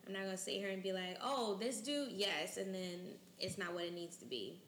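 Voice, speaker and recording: A woman's voice: fairly low pitch, quick pace, roomy sound, a little hiss or hum. A woman co-hosting a podcast, upbeat and affirming in casual chat. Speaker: podcast co-host.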